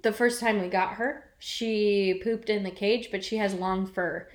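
A woman's voice: medium pitch, steady tone, a little slow. A woman in casual conversation, agreeable, often chiming in with short replies. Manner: agreeable, frequent short backchannels. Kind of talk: casual chat.

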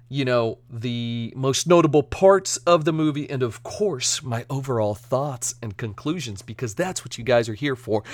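A man hosting a casual solo podcast review, chatty and energetic, now and then slipping into silly joke accents. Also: mid-range voice, dry recording. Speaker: podcast host.

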